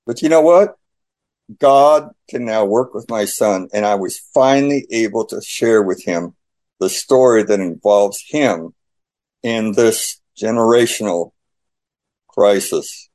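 A man sharing a personal faith testimony in conversation, telling his story in animated style and acting out the dialogue. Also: fairly low pitch, slow.

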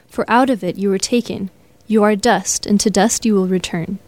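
A woman's voice: medium pitch, steady tone, moderate pace, darkish tone, dry recording. Woman reading scripture steadily. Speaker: student.

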